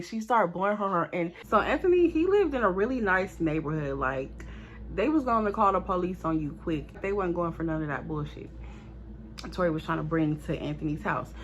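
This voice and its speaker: A woman telling a storytime vlog in a casual, animated and profane way, often talking straight to her viewers. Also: mid-range voice, moderate pace. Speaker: storytime vlogger.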